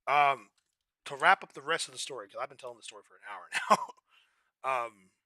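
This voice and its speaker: A young man chatting casually while he plays a game on stream, loud in his reactions and often clearing his throat. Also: medium pitch, brisk, no room sound. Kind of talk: casual gameplay commentary.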